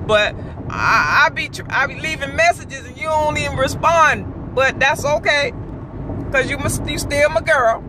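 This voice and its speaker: A woman's voice: high voice, unhurried, background noise. A woman vlogging her strong opinion from her car on the drive home from work, fired up and preachy, hammering her points again and again. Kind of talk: impassioned opinion vlog.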